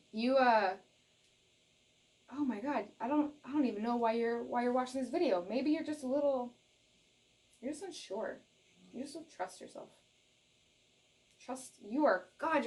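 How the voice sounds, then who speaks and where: A young adult woman from Canada giving a casual tarot reading straight to viewers, laughing often and repeating herself in her excitement. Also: fairly high pitch. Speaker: tarot reader.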